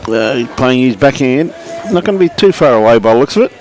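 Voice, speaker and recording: A man's voice: medium pitch, animated, fast talker, darkish tone. An Australian man giving live lawn bowls commentary at the club, chatty, greeting viewers by name and calling everyone mate.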